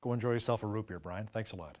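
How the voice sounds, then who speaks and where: Brisk male news anchor. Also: on the low side, very noisy. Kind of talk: news interview hosting.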